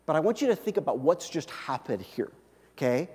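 A man's voice: fairly high pitch, very animated, a little fast, darkish tone, breathy edge, long reverb tail. A male pastor preaching a sermon in a conversational way, often checking in with "okay?".

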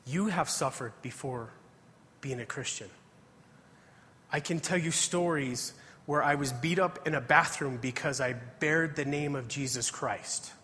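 A man's voice: mid-range voice, measured pace, pushed and bright, slight background noise. A man preaching a testimony sermon, telling his story earnestly and reading scripture aloud. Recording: hall reverb.

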